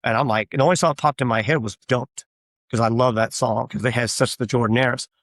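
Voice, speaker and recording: A man's voice: medium pitch, steady tone, fast, a bit bright, no room sound. Man telling stories in a dry close voice. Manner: rambling anecdotal storytelling with frequent fillers. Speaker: guest, tribute artist for a famous singer. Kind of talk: casual interview chat.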